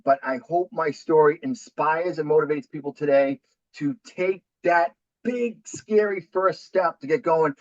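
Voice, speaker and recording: A man's voice: fairly high pitch, measured pace, darkish tone, no echo, lo-fi sound. A man in his forties from New Hampshire with a thick Boston accent, a talkative and upbeat podcast guest telling his story. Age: 40s. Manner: upbeat, talkative, self-deprecating. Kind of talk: casual interview.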